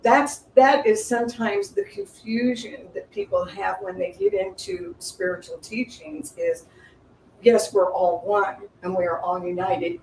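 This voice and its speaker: A woman guest speaker calmly explaining a spiritual teaching in a thoughtful way. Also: mid-range voice, gravelly. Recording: roomy, distant mic with faint noise.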